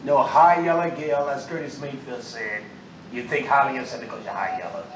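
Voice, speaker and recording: A man preaching a sermon to a congregation in a loose, animated street style, with sudden loud outbursts and asides. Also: medium pitch, brisk, background noise. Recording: roomy echo, mic far off, faint ambience.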